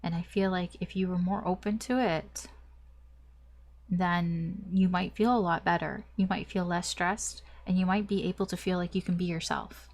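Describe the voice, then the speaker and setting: A woman's voice: on the low side, steady tone, normal speed, darkish tone. Rambling woman reading tarot. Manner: rambling, many fillers and restarts; swears casually. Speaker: tarot reader. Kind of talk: casual tarot reading vlog.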